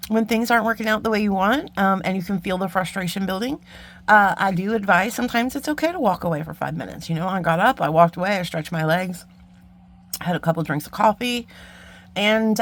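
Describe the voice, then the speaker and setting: Chatty woman with a gravelly edge. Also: medium pitch, a little hiss or hum. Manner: chatty, self-mocking, muttering asides while working. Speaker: beading channel host. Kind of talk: casual craft tutorial chat.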